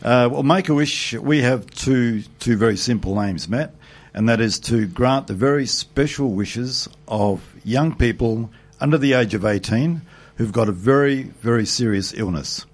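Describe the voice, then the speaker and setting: A man's voice: mid-range voice, measured pace. An older man with an Australian accent, a charity co-founder speaking as a guest on a radio interview, plain-spoken and good-humoured. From Adelaide, Australia.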